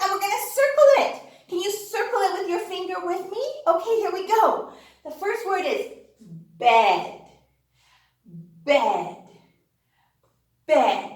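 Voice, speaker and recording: A woman's voice: high voice, echoey room. A woman teaching a children's phonics lesson in an exaggerated, cheerful, sing-song way, with gasps of delight.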